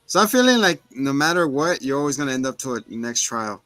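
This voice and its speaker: A man's voice: medium pitch, big pitch swings, brisk, sharp tone, no echo, faint music behind. A man hosting a casual recap chat, talking animatedly and often slipping into character voices. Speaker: podcast co-host.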